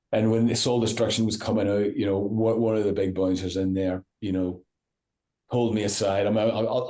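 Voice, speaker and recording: A male rock musician chats through a relaxed interview, spinning long anecdotes. He keeps restarting his sentences and dropping in "you know", and he acts out what other people said as he goes. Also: fairly low pitch. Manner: animated anecdote-teller, acts out quoted voices, many restarts and "you know". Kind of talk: casual interview storytelling.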